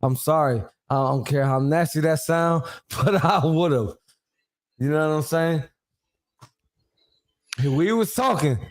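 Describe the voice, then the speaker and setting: A man hosting a casual sports podcast, animated and ranting, cutting in to finish his point. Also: fairly high pitch, slow, long pauses. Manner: animated, ranting, talks over others. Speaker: podcast host.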